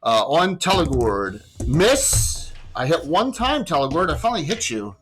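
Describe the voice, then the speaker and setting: A man running a tabletop game as game master, chatty and loose, with quick rules asides. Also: fairly high pitch, big pitch swings, over music, rough recording.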